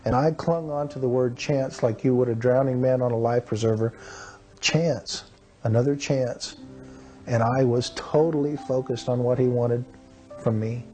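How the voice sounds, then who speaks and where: A man's voice: medium pitch, steady tone, moderate pace, warm tone, faint music behind. A man in his fifties from Texas, telling his personal testimony in an earnest, dramatic way and acting out the people in his story. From Texas, USA. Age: 50s. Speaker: testimony speaker.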